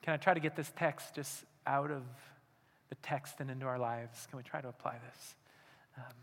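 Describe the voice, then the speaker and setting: A man preaching a sermon as pastor, dropping to hushed near-whispers and then rising to loud, urgent appeals. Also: mid-range voice. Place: church hall. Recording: long hall reverb.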